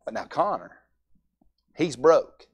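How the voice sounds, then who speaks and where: A man's voice: on the high side, very animated, slow, husky. A young man preaching a Sunday evening sermon in a folksy way, acting out altar conversations.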